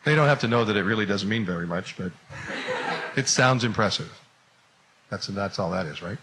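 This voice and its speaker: A man's voice: on the low side, animated, normal speed, noisy background. A man teaching a class, talking casually with playful, wry asides. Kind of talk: joking classroom talk.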